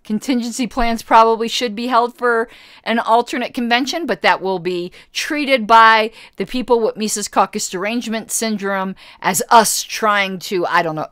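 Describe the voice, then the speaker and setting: A woman's voice: a little high, normal speed, fairly bright tone, clear, resonant tone, no echo, clean studio sound. A woman hosting a casual livestream, answering chat questions in a rambling, blunt way and correcting herself as she goes. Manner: chatty, rambling self-corrections, blunt asides. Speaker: party committee member hosting a livestream.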